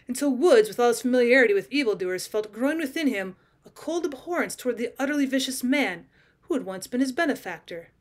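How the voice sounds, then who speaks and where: A woman teacher reads a classic short story aloud for her students. Her fairly high voice carries a clear, steady storytelling pace. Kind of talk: audiobook narration.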